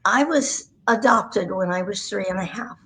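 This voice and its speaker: A woman's voice: medium pitch, normal speed, fairly bright tone, rough recording. A woman in her nineties telling rambling, self-deprecating stories from her career as a guest on a livestream. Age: 90s. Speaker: guest, voice actress. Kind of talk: storytelling interview. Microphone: remote livestream call.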